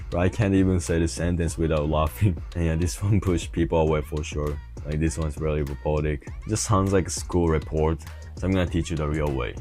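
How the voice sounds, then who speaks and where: A man's voice: low voice, steady tone, moderate pace, a little mellow, faint music behind. A man teaches an online lesson in English. He is casual and blunt, and slips slang and swearing into his explanations. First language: Japanese. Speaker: Japanese language teacher.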